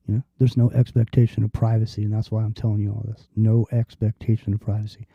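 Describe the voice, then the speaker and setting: A man's voice: lowish voice, little pitch movement, fast, creaky, few pauses, no echo. A man hosting a casual talk show, rambling and swearing freely, with lots of fillers and restarts. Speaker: podcast host. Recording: dull lo-fi sound.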